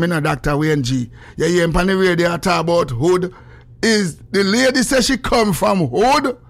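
A man with a Jamaican accent hosting a gospel radio show, chatting excitedly and slipping into sing-song. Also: high-pitched, creaky. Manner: excitable, breaks into sing-song, loud exclamations. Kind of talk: casual radio chat.

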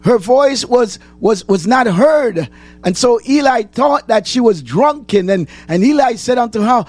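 A man preaching a sermon, asking the congregation questions and answering them, repeating phrases and rising to shouts. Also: high voice, expressive, unhurried, soft background music.

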